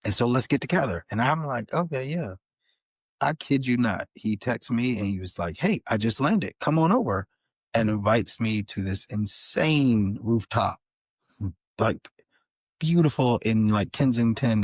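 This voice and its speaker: A man, a podcast guest, telling an animated story in a casual interview, with frequent restarts. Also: fairly low pitch, no echo. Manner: animated, many restarts and fillers. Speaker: podcast guest, author and filmmaker.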